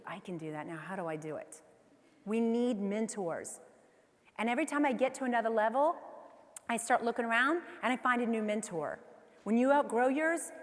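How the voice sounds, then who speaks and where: A woman in her forties giving a motivational keynote speech, telling a personal story with animated delivery and acting out her own inner voice. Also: a little high. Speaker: keynote speaker. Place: large convention hall. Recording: long hall reverb from the PA.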